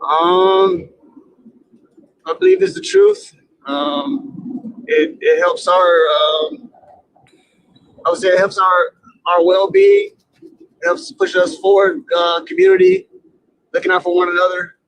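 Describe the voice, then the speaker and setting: A man calling into a debate stream, earnest and hesitant with many pauses. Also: sits high, very animated, fairly bright tone, dry recording, low-quality recording. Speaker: caller. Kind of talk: call-in debate.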